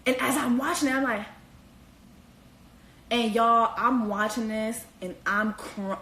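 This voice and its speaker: Woman host, casual slangy gossip, profane, animated, higher voice, echoey room. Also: measured pace, pauses often. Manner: animated, slangy and profane, with high-pitched exclamations. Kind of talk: casual reality-TV commentary.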